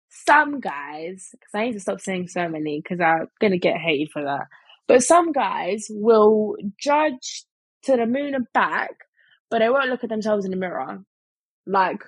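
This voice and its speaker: Young woman, breathy voice, chatty storytime vlog, dry close mic. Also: medium pitch, no echo, rough recording. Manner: chatty, full of fillers, mimics others in quotes. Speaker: vlogger. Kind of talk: casual storytime chat.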